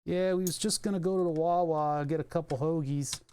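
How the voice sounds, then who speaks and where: A man's voice: a little high, fairly even intonation, fairly quick, a little mellow, a little hiss or hum, natural voice. Man doing a Philly local guy, thick accent, casual drawl. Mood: mock-excited. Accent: Philadelphia.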